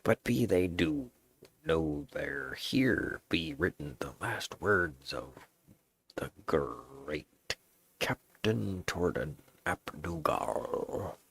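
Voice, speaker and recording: A man voicing a boastful old male pirate captain in a put-on Southern drawl, reading a journal aloud with gruff, drawn-out delivery. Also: deep voice, sing-song, a bit bright, a little hiss or hum, heavily acted. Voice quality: gravelly, drawn-out pirate speech. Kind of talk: dramatic reading of an in-game journal.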